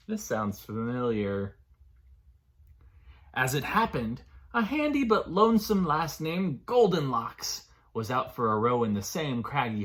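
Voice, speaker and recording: A man leading a preschool story time as a children's librarian, reading aloud in an animated, sing-song way and talking to small children. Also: mid-range voice.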